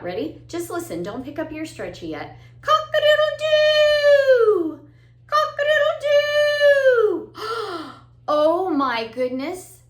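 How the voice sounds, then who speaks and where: In a high-pitched, slightly bright voice, a woman leads a children's music lesson, speaking directly to the kids. She's encouraging and sing-song, now and then breaking into song and animal sounds, with a roomy echo around her.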